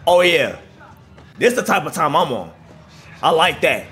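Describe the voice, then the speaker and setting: A man's voice: a little high, sing-song, measured pace, fairly bright tone. A man giving live, slangy reaction commentary while playing a video game, trash-talking the enemies. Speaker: gaming channel host.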